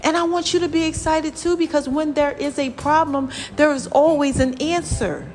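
A woman's voice: sits high, steady tone, normal speed, darkish tone. A woman vlogger, talking casually and animatedly to her viewers, calling them y'all and child, with a preachy testimonial tone. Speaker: vlogger sharing a health testimony.

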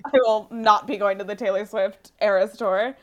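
A woman's voice: medium pitch, steady tone, moderate pace, muffled recording. A woman in her late twenties, a podcast guest, chatting casually and laughing between phrases. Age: 20s. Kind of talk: casual chat.

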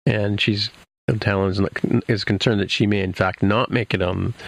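A man's voice: on the low side, steady tone, moderate pace, vocal fry, no room sound. A man casually recapping an episode for his podcast co-hosts, rambling with many fillers and restarts. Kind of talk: casual chat.

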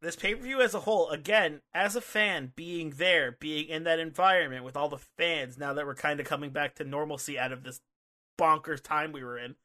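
A man co-hosting a podcast, talking in a casual, excitable way with lots of fillers and restarts into a microphone. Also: on the high side, brisk. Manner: excitable, rambling with many fillers. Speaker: podcast co-host. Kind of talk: casual chat. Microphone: studio microphone.

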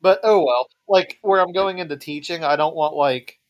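A man's voice: a little high, moderate pace, highs cut off. A man co-hosting a casual podcast, chatting and teasing his friends. He talks in an easygoing, joking way. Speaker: podcast co-host. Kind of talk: casual chat.

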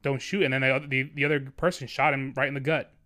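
A man co-hosts a relaxed podcast, keeping the talk moving in an earnest, heartfelt way. His voice is bright and crisp, with a clean, smooth sound. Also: mid-range voice, quick pace. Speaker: podcast co-host. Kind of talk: casual chat about a musical.

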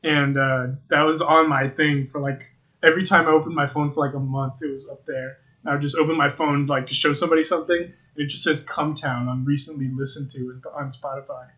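A man's voice: fairly high pitch, fast. A young man co-hosting a podcast, telling stories in blunt, profane, casual banter. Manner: blunt, profane, lively storytelling. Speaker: podcast co-host.

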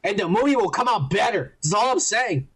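A man's voice: high voice, animated, a little fast, fairly bright tone, slightly rough, rough recording. A man co-hosting a podcast, ranting with a lot of profanity in casual pop culture chat. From Mexican heritage. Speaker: podcast co-host.

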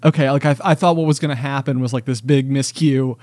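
A man's voice: medium pitch, steady tone, fast talker, a little mellow, no echo. A man chatting casually, rambling with many fillers as he reacts to a joke. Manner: rambling, lots of fillers and likes. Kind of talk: casual chat.

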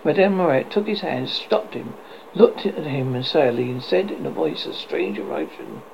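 A man narrating a classic story aloud in a steady reading voice, with occasional small slips. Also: medium pitch, moderate pace, vocal fry. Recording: slightly dull, faint hiss.

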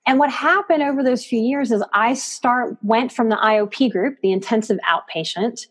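She speaks at a normal speed in a high voice with a breathy edge, a psychotherapist and life coach guesting on a podcast. Throughout the conversational interview she's expressive and emphatic, repeating words to drive points home.

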